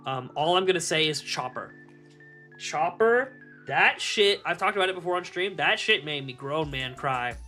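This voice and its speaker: A young man streaming live, chatting casually to his viewers, animated, laughing often and swearing freely. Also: a little high, moderate pace, soft background music.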